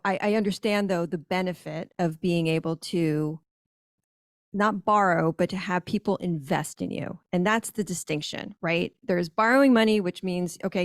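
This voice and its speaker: Woman, podcast guest, low pitch, dry close sound, storytelling, emphatic. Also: no echo. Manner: storytelling, emphatic with self-corrections. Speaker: guest, granola business owner. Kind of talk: conversational podcast interview.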